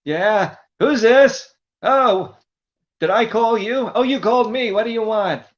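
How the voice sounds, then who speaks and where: A high, nasal-edged forgetful fellow, as a man puts him on, rambling and cheerfully confused. He jumps up in pitch and gets loud. The recording sounds dull and lo-fi. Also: measured pace. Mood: cheerfully dim. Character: forgetful, goofy man who talks in circles.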